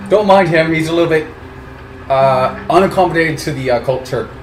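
A polite man playing a tabletop role-playing game, a little hesitant as he speaks. His slightly high voice rings in a roomy space with a faint hiss underneath. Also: normal speed. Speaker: player. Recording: roomy room with faint noise.

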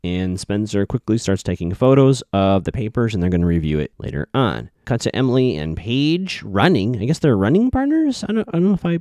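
A man's voice: mid-range voice, warm tone, no room sound. A man giving a casual recap of a TV episode, thinking aloud and correcting himself as he goes.

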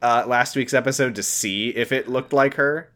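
A man's voice: mid-range voice, moderate pace, a bit bright. A man co-hosting a podcast, recapping a TV episode with dry, teasing humor. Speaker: podcast co-host. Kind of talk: casual comedic TV episode recap.

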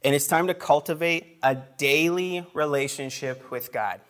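A man's voice: on the high side, measured pace, a bit bright. Chatty man preaching a casual sermon. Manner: conversational, chatty asides, laughs between phrases; frequent fillers and restarts.

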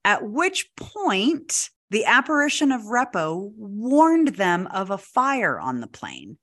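A podcast co-host tells a ghost story in casual chat, her voice mid-range and her pace slow. She stays animated, acting out quotes and saying "like" frequently.

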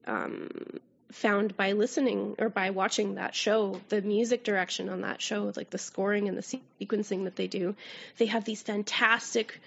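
A woman's voice: mid-range voice, fairly even intonation, normal speed, creaky, a bit bright, breathy edge. A Canadian woman, a guest writer, chatting and swearing casually on a podcast. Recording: dull lo-fi audio.

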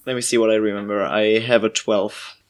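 A man's voice: fairly low pitch, little pitch movement, fairly quick, slight background noise. Hesitant man playing a tabletop game. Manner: hesitant, stammering. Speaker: player. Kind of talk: in-character tabletop play.

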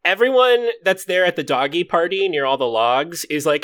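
A man co-hosts a casual podcast with a bright, slightly high voice. He retells scenes with gleeful, jokey energy. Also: lively intonation, moderate pace, hardly any pauses. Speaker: podcast co-host. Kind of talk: casual chat.

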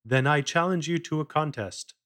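A man voicing a polite, determined young boy who speaks calmly. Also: fairly high pitch, moderate pace, natural voice. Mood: polite, firm. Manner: polite, calm.

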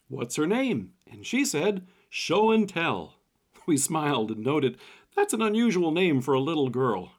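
Middle-aged guy preaching a short devotional, kinda high voice, lots of up and down, slows way down on the bible bits. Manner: measured, slows for scripture readings. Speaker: pastor. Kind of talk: devotional sermon.

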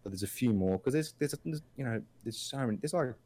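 A man's voice: mid-range voice, animated, fast talker, darkish tone, husky. A man co-hosting a casual podcast, rambling through his points with lots of filler words and restarts. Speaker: podcast co-host. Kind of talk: casual chat.

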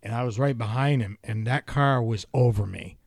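Man in his fifties, podcast host, animated, swears a lot, mid-pitched voice. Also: moderate pace, creaky, no echo, studio quality. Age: 50s. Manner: animated, profane storytelling. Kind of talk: casual chat.

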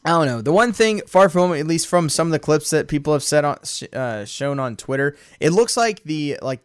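Smooth-voiced man, rambling podcast co-host. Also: on the high side, a little fast, no room sound, studio quality. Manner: excited, rambling, laughs often. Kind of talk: casual chat.

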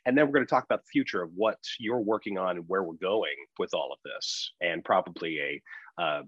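A man's voice: low-pitched, brisk, slightly rough, no room sound, muffled recording. A man producing and co-hosting a podcast, chatting casually with jokes and frequent restarts. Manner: animated, joking, frequent restarts. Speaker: podcast producer turned interviewer.

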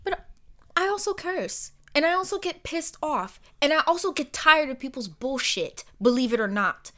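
A woman's voice: high voice, lively intonation, normal speed. Heated, blunt woman podcasting solo. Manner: blunt, heated and profane, swinging between soft and loud. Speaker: podcast host. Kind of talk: emotional solo podcast monologue.

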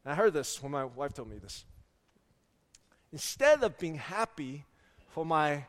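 A forty-year-old pastor preaching a sermon in a church, animated and full of rhetorical questions. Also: male voice, fairly high pitch, long reverb tail. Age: 40s. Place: church sanctuary.

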